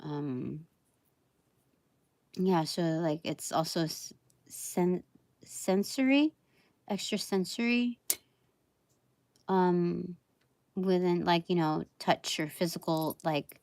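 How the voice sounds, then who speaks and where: This tarot reader's voice sits on the low side and is expressive, with no echo in the recording. Streaming live, she wanders through her readings haltingly, filling gaps with fillers and soft laughter between ideas.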